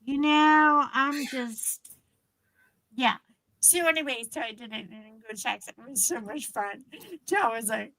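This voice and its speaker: A woman's voice: high-pitched, measured pace, pushed and bright, rough recording. A woman co-hosting a casual chat show, telling rambling stories with lots of fillers. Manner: rambling storyteller with many fillers. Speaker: co-host.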